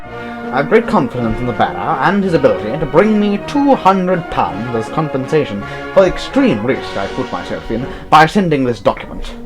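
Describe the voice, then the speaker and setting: A man's voice: medium pitch, big pitch swings, normal speed, close to an everyday voice. A man voicing a scheming general reading out his formal, self-serving letter in an amateur audio drama. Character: scheming male general writing a treasonous letter. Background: music.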